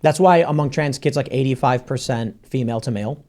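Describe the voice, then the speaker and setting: A man's voice: mid-range voice, brisk, darkish tone. A man hosting a podcast, talking bluntly and casually, swearing and acting out quoted voices as he argues. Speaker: podcast host. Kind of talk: casual talk-show conversation.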